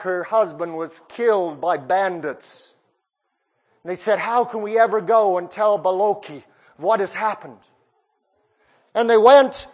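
A man preaching a storytelling sermon, moving between hushed passages and raised ones. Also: high-pitched.

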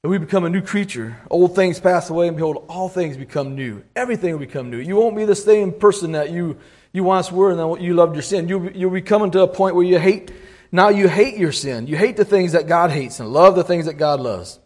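A middle-aged man giving an informal sermon, halting and repeating words, clearing his throat often and reading scripture aloud in old-fashioned wording. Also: high-pitched, a little mellow. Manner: reads scripture aloud in King James wording. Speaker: lay preacher.

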